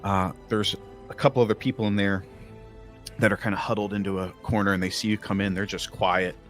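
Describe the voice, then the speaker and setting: A man's voice: lowish voice, level tone, a little fast, a bit bright, soft background music. A man narrating a tabletop game as game master, describing scenes in a casual, rambling way full of likes and uhs.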